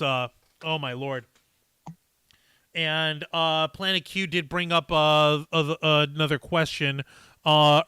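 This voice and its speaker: Guy hosting a live stream, swears a lot, rambles, reads the chat, high bright voice, super dry close sound. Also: smooth, no echo. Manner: profane, rambling, animated. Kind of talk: casual live stream chat, reading viewer comments.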